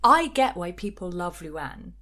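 Low-pitched gossipy woman podcaster. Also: sing-song, a little slow, bright, forceful tone. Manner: gossipy, acts out quotes in bursts. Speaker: podcast co-host. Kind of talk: casual pop-culture chat.

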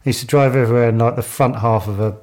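A man's voice: mid-range voice, fairly even intonation, racing, a little mellow. A man, chatting casually on a podcast and laughing often as he tells an anecdote. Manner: laughs a lot while telling anecdotes.

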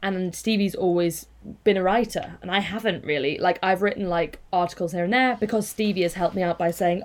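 A woman's voice: lowish voice, fast. A woman talking as a podcast guest, earnest and reflective, who swears casually now and then. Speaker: guest activist.

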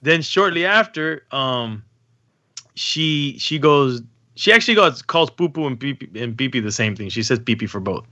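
A young adult man hosts a podcast, rambling through stories in casual chat full of restarts and slang. His medium-pitched voice has lively intonation and a moderate pace, sounding pushed and bright, with the highs cut off.

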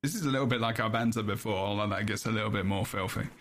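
A man's voice: on the low side, racing, a bit bright. A man with a British accent hosting a podcast, chatting casually with frequent restarts and laughter. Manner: laughing, rambling and self-correcting. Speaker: podcast host. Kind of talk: casual chat.

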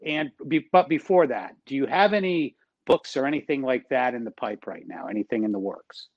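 A man's voice: mid-range voice, lively intonation, normal speed, vocal fry, dull audio. A man hosting an interview, encouraging and affirming toward his guest. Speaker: host. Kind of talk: interview talk.

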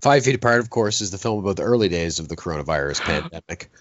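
A man with a fairly low voice co-hosts a relaxed film podcast. He reads listener comments aloud with a dry, joking manner. The sound is close and dry but a little muffled. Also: quick pace, no echo. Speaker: podcast co-host. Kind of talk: casual film podcast chat.

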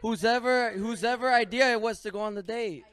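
A man's voice: high-pitched, fairly quick, a crowd in the background. A man in a group podcast chat, raising his voice to be heard over the others.

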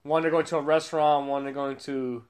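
A man's voice: on the high side, level tone, fairly quick. A man hosting a laid-back chat about commercials, with loose, trailing sentences. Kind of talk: casual chat reviewing ads.

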